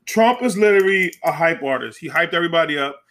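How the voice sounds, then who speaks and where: High, bright-voiced ranting man. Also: expressive, fast talker. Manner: heated, emphatic ranting with profanity. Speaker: podcast co-host. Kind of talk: casual chat.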